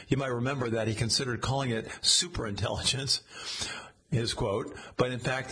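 A man's voice: medium pitch, sharp tone, breathy edge. A man narrating a satirical story in a sardonic, mocking way.

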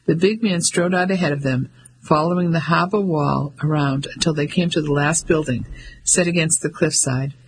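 Male audiobook narrator, fairly high voice, steady, faint background hiss. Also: normal speed, poor audio. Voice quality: steady, descriptive.

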